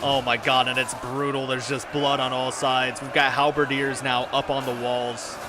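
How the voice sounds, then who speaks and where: A man giving excited, casual commentary on a battle while streaming a game. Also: mid-range voice, moderate pace, background noise. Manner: excited, swears, lots of fillers. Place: home room.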